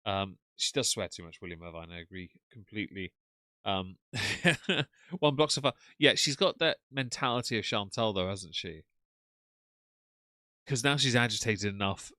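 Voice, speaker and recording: A man's voice: on the low side, animated, normal speed, bright, forceful tone, dry recording, studio quality. A man chatting casually on a live stream, reacting to clips and reading out chat names with frequent ums.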